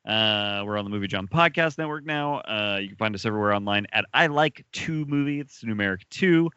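Male podcast host, bright tense tone, upbeat casual delivery, lo-fi dull sound. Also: on the low side, lively intonation, brisk, clear, resonant tone, no room sound. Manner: upbeat, brief agreeing replies. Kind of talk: casual chat.

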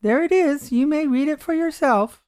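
A woman reading aloud voices a mysterious old man with a white beard, speaking quietly, unhurried and cryptic. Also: high voice, no room sound, studio quality, pitched above the performer's own voice, natural voice. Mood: calm cryptic.

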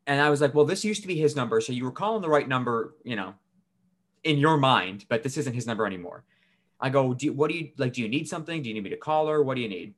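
A man's voice: medium pitch, quick pace. Young man telling a story casually. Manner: animated storyteller, swears casually, laughs while telling. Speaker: podcast co-host.

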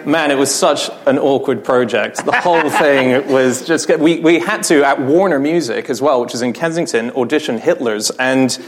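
A man chatting on stage at a live podcast recording and spinning long anecdotes. He talks with animated energy, slips into voices for the people he quotes, and laughs along as he goes. His voice sits at an ordinary middle pitch. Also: moderate pace, few pauses. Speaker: podcast guest. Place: live venue with audience.

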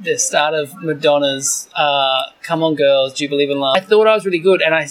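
A man's voice: a little high, a little fast, fairly bright tone, poor audio. A man, a comedian guest, telling self-deprecating anecdotes in a casual chat.

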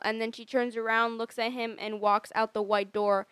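Chatty woman with a smooth, dry voice. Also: a little high, little pitch movement, normal speed, a bit bright, dry recording. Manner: chatty, fills in plot details. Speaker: movie recap co-host. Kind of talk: casual chat.

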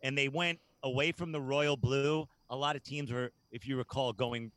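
A man from Hampton Roads in Virginia, a guest on a casual podcast chat, talking in an excitable, rambling way with frequent laughs and restarts. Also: mid-range voice, normal speed, dry recording.

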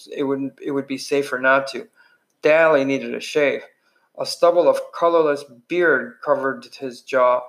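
A man reading a first-person novel aloud, his pitch sitting right in the middle for a man. His delivery is unpolished, with slips and restarts, like an amateur reading at home. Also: creaky, a bit bright. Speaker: reader.

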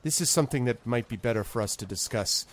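A man's voice: mid-range voice, fast, close to an everyday voice. A man voicing a polite, anxious woman who speaks hesitantly and stammers.

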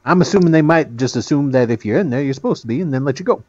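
A man's voice: medium pitch, animated, very fast, darkish tone, dry recording, dull audio. A man narrating as game master in a tabletop game, rambling with many fillers.

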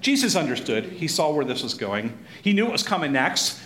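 Male Bible teacher, lively pitch, slightly high voice, echoey room, faint hiss. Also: a little fast. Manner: animated, acts out crowd voices, chuckles often.

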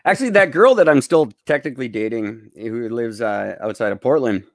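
A man's voice: medium pitch, lively intonation, a little fast, no echo, clean studio sound. A Canadian man in casual podcast chat, joking wryly and teasing.

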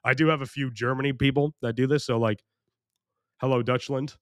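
A man's voice: medium pitch, steady tone, brisk, dry recording, studio quality. A young American man hosting a solo podcast, rambling and crude and mocking himself, his voice strained and worn from recording. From United States. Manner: rambling, crude, self-mocking, frequent restarts. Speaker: podcast host.

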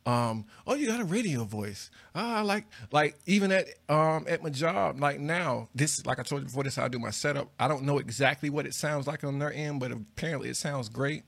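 A man's voice: fairly high pitch, a little fast, gravelly, few pauses, fairly bright tone. A young man co-hosting a podcast, laid-back and articulate, chatting casually and swearing freely. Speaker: podcast co-host.

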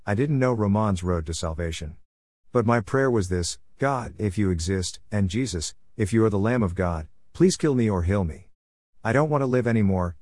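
Male narrator, lowish pitch, earnest measured testimony read, dry close sound. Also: darkish tone, no room sound. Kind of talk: scripted voice-over narration.

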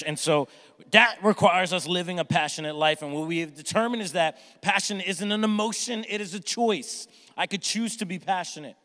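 A middle-aged male pastor preaches a sermon to his congregation in a big, reverberant church sanctuary, his bright, forceful voice ringing out at a pitch a little high for a man. Energetic and jokey, he acts out his family by shouting their lines.

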